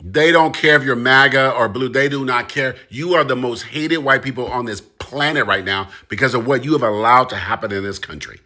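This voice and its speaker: A man with a medium-pitched, bright and forceful voice speaks a little fast, with hardly any pauses. He addresses his audience directly in an emphatic commentary, repeating phrases to drive points home.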